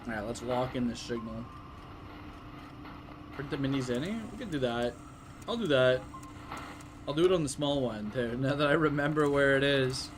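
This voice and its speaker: A man's voice: mid-range voice, moderate pace, pauses often, over music. A man streaming a game, thinking aloud to his chat in a loose, muttering, self-mocking way. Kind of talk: casual gameplay commentary to chat.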